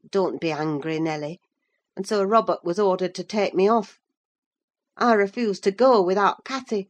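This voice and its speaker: A woman reading a novel aloud in steady, measured narration. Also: medium pitch. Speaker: audiobook reader. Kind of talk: scripted narration.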